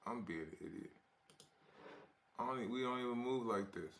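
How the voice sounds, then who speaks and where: A man's voice: medium pitch, normal speed, creaky, fairly bright tone, a little hiss or hum. A man from Ohio hosting a casual reaction video, talking in slang with a mocking, amused manner. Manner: slangy, mocking, laughs often.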